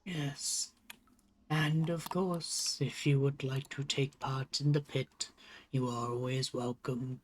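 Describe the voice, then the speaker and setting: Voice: mid-range voice, a little hiss or hum, lightly acted. Game master voicing an ancient turtle leader. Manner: slow, courteous, formal. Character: ancient male turtle mutant leader, courteous.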